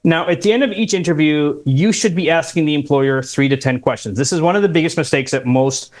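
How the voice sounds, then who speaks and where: A man with a fairly high voice, a career coach guest who gives step-by-step interview advice and stresses key words as he talks. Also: brisk. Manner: emphatic, instructive, quotes interview lines. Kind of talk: advice-giving podcast talk.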